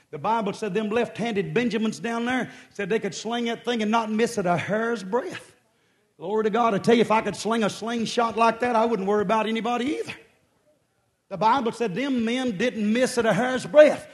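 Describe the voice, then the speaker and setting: A male preacher delivering a fervent sermon, shouting and drawing out his exclamations. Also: sits high, fairly quick.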